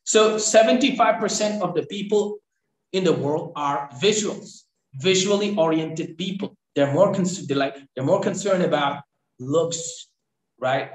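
A man's voice: high voice, unhurried. A man from Northeast India giving a training lecture. He repeats key phrases and keeps checking in with "right?". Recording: echoey room.

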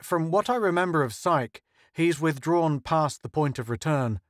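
An earnest, thoughtful scientist who explains at length in a slightly high voice, as a male narrator plays him. The sound is dry and close. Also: moderate pace, dry recording, natural voice.

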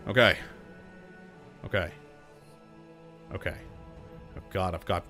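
Lively, frantic man playing a strategy game. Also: a little high, moderate pace, long pauses, soft background music. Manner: frantic, self-mocking, talks to his units. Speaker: game commentator. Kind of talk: let's play commentary.

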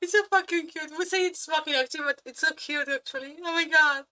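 A woman reacting to a video in casual commentary, excitable and quick to swear and laugh, her English phrasing a little non-native. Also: high-pitched.

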